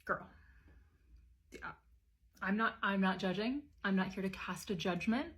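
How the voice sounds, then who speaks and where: A woman teacher recounts classroom stories to the camera. Her delivery is dry and wry, at a middling pitch, and she sometimes slips into hushed, gossipy asides. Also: normal speed, slightly rough. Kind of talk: casual storytelling to camera.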